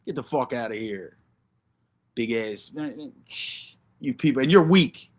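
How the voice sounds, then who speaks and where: A man's voice: mid-range voice, expressive, measured pace. A man hosting a livestream, ranting in a brash, profane, confrontational way and answering chat by name. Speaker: livestream host.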